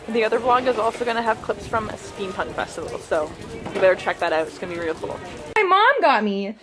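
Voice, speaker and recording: A woman's voice: medium pitch, fairly even intonation, quick pace. A woman talking casually in a vlog, chatty and self-deprecating with frequent giggles. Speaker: vlogger.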